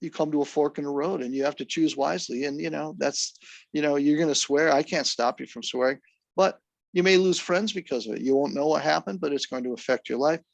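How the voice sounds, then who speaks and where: A man, a drummer guest, telling stories in a relaxed, even-keeled way during a casual interview. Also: fairly high pitch, fairly quick, vocal fry, no room sound. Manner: laid-back, even-keeled storyteller.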